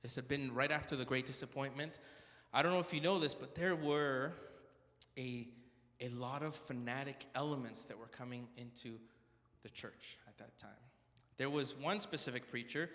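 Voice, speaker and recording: A man's mid-range voice with a fairly bright tone fills a church hall with big-room sound. At a prayer meeting, he tells stories in a chatty, joking manner and corrects himself as he goes.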